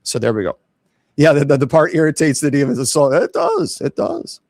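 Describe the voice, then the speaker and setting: A man's voice: on the high side, brisk, a little mellow, no room sound. A man who is a clergyman hosting his own show, talking casually and defiantly to viewers about online trolls. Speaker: host and clergyman. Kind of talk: casual livestream talk.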